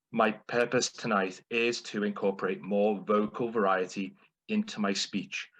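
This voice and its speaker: Husky, bright-voiced man giving a speech. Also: fairly low pitch, low-quality recording. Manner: playful, deliberate. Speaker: club speaker. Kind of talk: humorous prepared speech.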